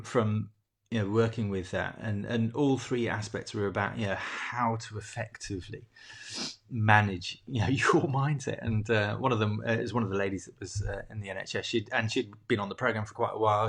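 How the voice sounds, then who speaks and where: A man with a fairly low voice and a husky, breathy edge speaks as a mindset coach. He talks reflectively, pausing and restarting often with plenty of fillers. His tone stays earnest throughout. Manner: halting, many restarts and fillers, warm earnest tone. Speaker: coach hosting a mindset program. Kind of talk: reflective solo talk.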